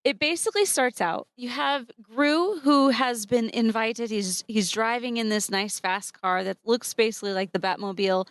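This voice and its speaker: A woman's voice: a little high, normal speed, hardly any pauses, smooth, no room sound. A woman co-hosting a podcast, chatting casually in an underground parking garage and animatedly retelling a film's plot. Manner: animated retelling, acts out characters' lines. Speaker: podcast co-host. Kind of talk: casual movie review chat.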